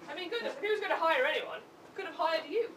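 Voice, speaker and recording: A woman's voice: extremely high pitch, expressive, fast talker, a crowd in the background. A woman playing a smug female professor in an improvised stage comedy, dishing out sweetly condescending digs. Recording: echoey live stage from far off, noisy.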